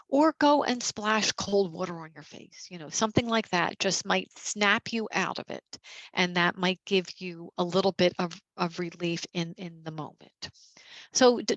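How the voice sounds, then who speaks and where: A woman teaching a caregiver support workshop over a video call, gentle and encouraging, with casual fillers. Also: medium pitch, no room sound, rough recording.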